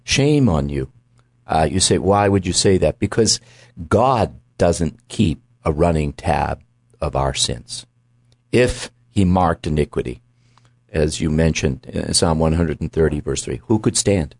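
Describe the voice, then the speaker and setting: A very deep-voiced male host teaches from scripture with firm emphasis. He stumbles and repeats words as he builds his point. The sound is dry and close-miked. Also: animated, unhurried, dry recording. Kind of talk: Bible teaching in talk show.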